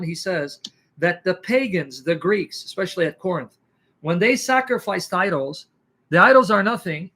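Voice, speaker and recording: A man making an emphatic theological argument as a Christian apologist, full of rhetorical questions and pauses to clear his throat. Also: sits high, bright, forceful tone.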